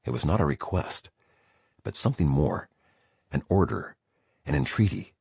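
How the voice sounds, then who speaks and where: A man's voice: a bass voice, expressive, normal speed, gravelly, a little mellow, breathy edge, no echo, studio quality. A man narrating a memoir audiobook in the first person with intense, emotional storytelling.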